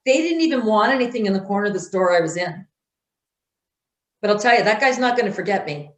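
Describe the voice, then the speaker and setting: In a conversational interview, a woman speaks fast and expressively at medium pitch, with a roomy sound around her. She is blunt and emphatic, acting out quotes as she tells her stories.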